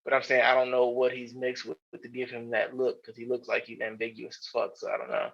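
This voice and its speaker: A man with a gravelly, bright voice chats casually on a podcast. He rambles through profane, animated opinions and restarts his sentences often. The recording is dull and lo-fi. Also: medium pitch, quick pace. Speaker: podcast co-host. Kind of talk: casual chat. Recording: dull lo-fi sound.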